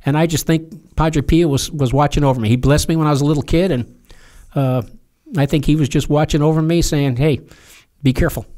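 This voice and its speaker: A man's voice: fairly high pitch, fairly even intonation, a little fast, mellow. An older man, a veteran helicopter pilot and podcast guest, telling stories in a plainspoken, reflective way with some hesitation. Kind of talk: casual interview storytelling.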